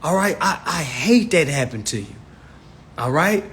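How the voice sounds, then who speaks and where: A man's voice: on the high side, expressive, measured pace, a bit bright. A young man hosting a phone livestream, giving blunt, profane instructions on reading contracts and checking in with his viewers again and again. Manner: blunt, profane, keeps checking in with "all right?"; repetitive, emphatic preaching tone. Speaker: livestream host teaching consumer law. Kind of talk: casual instructional livestream rant. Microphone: phone on a live stream.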